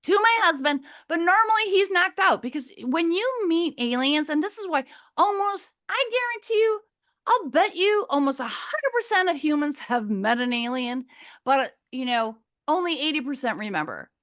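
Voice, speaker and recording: A woman's voice: high-pitched, big pitch swings, normal speed, a bit bright. A woman in her fifties from Minnesota, a podcast guest telling a long personal story in a casual, chatty way, going off on tangents, swearing freely and laughing often. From Minnesota, USA.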